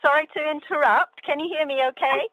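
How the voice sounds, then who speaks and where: A doctor from the United Kingdom chats apologetically on a conference call. She is a woman with a high voice. The sound is dry and close. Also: steady tone, brisk, no room sound, highs cut off. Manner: apologetic, chatty. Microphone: phone line.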